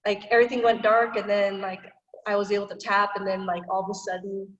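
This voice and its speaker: A woman's voice: mid-range voice, flat delivery, fast talker, lo-fi sound. Woman, martial arts instructor, chatty, filler-heavy, echoey room, far from mic. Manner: chatty, full of fillers, acts out quotes. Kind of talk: online class instruction. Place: gym, over a video call.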